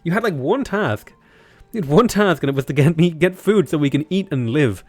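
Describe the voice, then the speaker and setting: A man putting on the voice of an exasperated mother berating her foolish son, shrill and scolding. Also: animated, a little fast, faint music behind.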